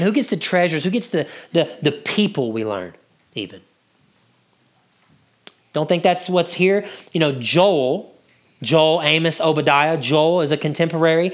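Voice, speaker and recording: A male preacher giving an expository sermon, teaching verse by verse, asking the congregation questions and dropping to a hush to draw them in. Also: high voice. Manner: drops to a hushed voice to draw listeners in.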